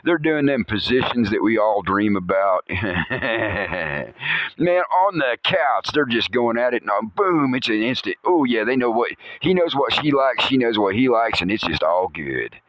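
A man's voice: big pitch swings, measured pace, a bit bright, a little hiss or hum, low-quality recording. Crude, rambling middle-aged male storyteller. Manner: crude, chuckling, swooping from low mutters to high exclamations. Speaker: podcast host.

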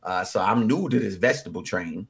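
A man in his forties with a husky voice, chatting casually as a podcast co-host, rambling with many fillers and animated bursts. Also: low-pitched, fairly quick. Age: 40s. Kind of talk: casual chat.

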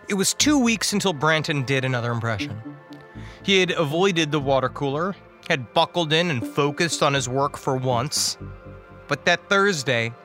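Man, high voice, wry, dramatic story reading, music in the background. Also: sharp tone. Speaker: guest preacher. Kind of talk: dark comic story reading.

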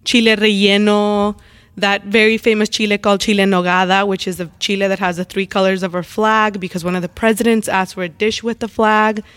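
Podcastgast: vrouw met Mexicaans accent, droge opname, spreekt uitgebreid en zonder omwegen. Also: female voice, medium pitch, level tone, brisk, fairly bright tone, smooth, no room sound. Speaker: guest, restaurant professional. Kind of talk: casual chat.

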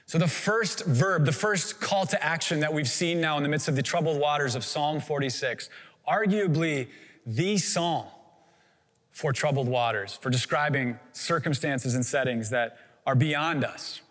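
An earnest male pastor delivering a sermon, leaning into slow, emphatic, repeated phrases. His voice sits a little high for a man. It echoes with a long reverb, as in a large hall. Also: a bit bright.

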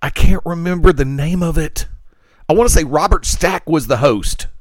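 A man's voice: a little high, normal speed, no echo, clean studio sound. A man competing in a trivia quiz, sighing and grumbling as he searches for answers. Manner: exasperated, sighing, self-deprecating. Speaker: quiz contestant. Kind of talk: casual banter.

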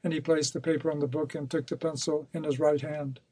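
A man reading a novel aloud in a measured, plain manner. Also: a little high, flat delivery, a little mellow, slightly rough, dry recording, low-quality recording. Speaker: audiobook reader. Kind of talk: scripted narration of a novel.

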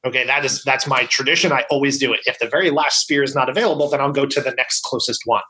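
A man co-hosts a weekly podcast and argues his side in casual chat. His voice is bright and forceful, and he presses his points with steady emphasis. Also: mid-range voice, fast, poor audio. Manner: emphatic, argumentative, keeps asking "right?". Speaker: podcast co-host.

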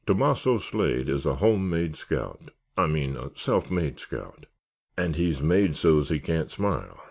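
A man's voice: very deep voice, sing-song, measured pace, gravelly, a little mellow, exaggerated voice. A man playing a wisecracking teen scout. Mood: joking. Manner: joking, mock-formal, punning. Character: wisecracking teenage boy scout, irrepressible joker. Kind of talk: audiobook character reading.

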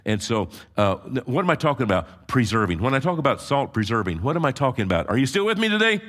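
A man preaching a conversational sermon to his congregation, swinging between quiet asides and loud emphatic peaks, teasing the crowd. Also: medium pitch, sing-song, fast talker. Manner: teasing the congregation, frequent fillers and restarts. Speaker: pastor. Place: church sanctuary before a live congregation.

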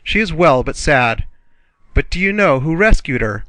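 A man's voice: mid-range voice, brisk, bright, forceful tone, no echo, voice pushed up. A man reading the part of a gossipy society lady hostess in an audiobook, chattering and teasing. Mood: eager gossip.

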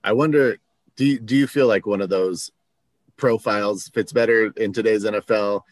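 Easygoing male podcast host with a very low voice, dry close sound. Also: fairly even intonation, moderate pace, dry recording. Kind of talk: casual sports podcast chat.

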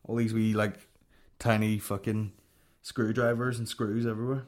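A man's voice: lowish voice, flat delivery, moderate pace. A Northern Irish man hosting a comedy podcast, ranting casually in a profane, rambling way and swearing constantly.

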